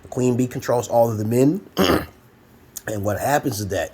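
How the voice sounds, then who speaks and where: A man in his forties, an advice vlogger from Brooklyn, New York, USA, speaks at normal speed in a medium-pitched, slightly mellow voice with lively intonation. Recorded in a home room with a fan running and slight background noise, he rambles through blunt, profane, preachy advice.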